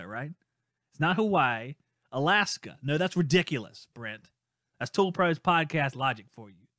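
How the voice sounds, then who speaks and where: A man's voice: on the high side, fairly bright tone, no echo, studio quality. A man hosting a live podcast in a casual, playful way, reading out listener guesses and teasing them. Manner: playful, reads out listener messages and teases guesses. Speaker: podcast host.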